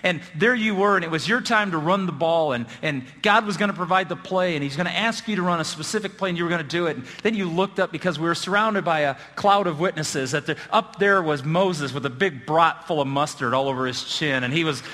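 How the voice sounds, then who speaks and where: Middle-aged male pastor, bright voice. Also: on the high side, a little fast, few pauses. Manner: storytelling, self-deprecating humor, building excitement. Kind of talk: sermon. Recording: long hall reverb.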